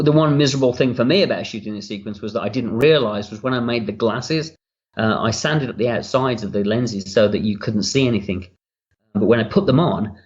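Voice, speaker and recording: A man with a lowish voice gives a candid, rambling director's commentary and curses casually along the way. He talks from a room at home. The recording sounds dull and lo-fi. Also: a little mellow. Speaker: writer-director giving commentary. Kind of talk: relaxed audio commentary.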